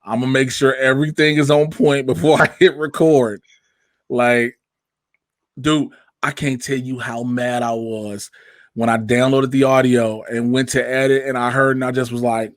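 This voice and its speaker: A man's voice: medium pitch, moderate pace, no echo. Profane laughing Chicago man, dry sound. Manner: profane, laughing, animated storytelling. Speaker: podcast host. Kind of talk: casual chat.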